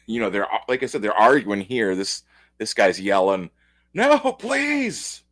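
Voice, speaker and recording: A man's voice: fairly low pitch, moderate pace, fairly bright tone. A man giving a casual, rambling comic book review, enthusiastic and packed with fillers.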